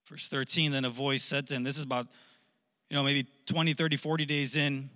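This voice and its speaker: A man's voice: mid-range voice, flat delivery, fairly quick, sharp tone. A man in his thirties preaching a casual youth sermon, repeating words and leaning hard on key phrases. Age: 30s. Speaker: youth pastor. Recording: long hall reverb.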